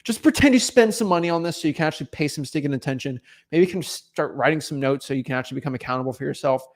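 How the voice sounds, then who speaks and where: A man's voice: a little high, rapid-fire. A man hosting a coaching livestream, talking bluntly and teasingly, often stumbling and repeating words. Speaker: real estate wholesaling coach hosting a livestream. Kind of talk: unscripted livestream coaching talk.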